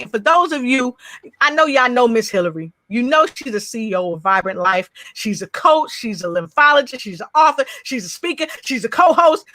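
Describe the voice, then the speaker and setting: A woman hosting a livestream talk show, energetic and full of repeated hype and call-and-response. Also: high-pitched, dry recording. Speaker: show host.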